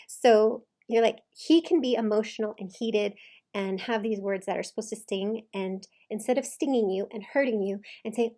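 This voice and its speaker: Woman giving animated reaction commentary. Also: medium pitch, normal speed. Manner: animated, quotes lines back with emphasis.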